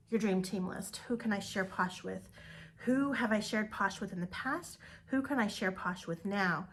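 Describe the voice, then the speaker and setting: A woman's voice: medium pitch, slight background noise. Upbeat woman coaching her sales team. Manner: upbeat, emphatic, repeats words for stress. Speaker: direct sales team leader. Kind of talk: motivational talk to her team.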